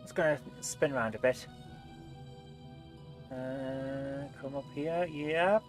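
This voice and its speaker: A woman's voice: extremely low pitch, slow, over music. A woman streamer chatting casually over live gameplay while fighting a cold, reading game text aloud in playful voices. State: has a cold.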